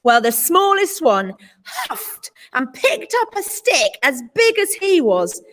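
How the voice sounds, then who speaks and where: A British woman teacher reads a picture book aloud in a high, animated voice. She takes her time and adds playful asides to her listeners. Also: takes it slowly, in a large hall.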